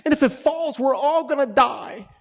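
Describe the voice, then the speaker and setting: A man's voice: moderate pace, gravelly, in a large hall. A man doing a panicked little girl. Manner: panicky, wailing and high-pitched. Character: terrified little girl, eight years old.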